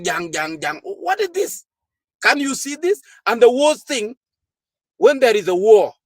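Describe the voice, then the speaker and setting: Man, high voice, dry close sound, fiery party official asking rhetorical questions. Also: fairly bright tone, dry recording. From South Sudan. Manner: fervent, rhetorical questions, frequent hesitations. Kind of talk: impassioned political speech to a gathering.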